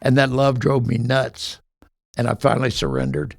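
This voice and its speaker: Gravelly older man telling his story. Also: mid-range voice, very animated, normal speed, no room sound. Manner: earnest storyteller, acts out quoted dialogue. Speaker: podcast guest.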